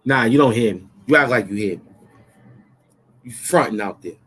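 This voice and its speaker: A man's voice: medium pitch, normal speed, a bit bright, breathy edge. A man hosting his own channel, taunting and repeating himself as he demands money he says he is owed. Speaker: YouTube show host. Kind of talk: confrontational rant to camera.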